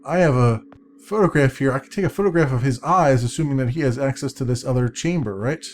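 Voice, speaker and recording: A man giving casual let's-play commentary, chatty and thinking out loud as he plays. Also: mid-range voice, fast, a little hiss or hum.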